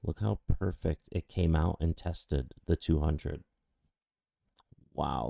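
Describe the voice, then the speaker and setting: Excitable male chart streamer, slow deep delivery, dry close sound. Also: gravelly, no room sound. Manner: excitable, exclaiming, pleading with the chart. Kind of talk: excited live chart commentary.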